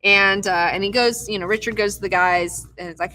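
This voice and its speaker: A young woman casually recapping a TV episode, swearing freely, excitable and acting out characters' lines. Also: mid-range voice, brisk, slight background noise. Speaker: TV recap host.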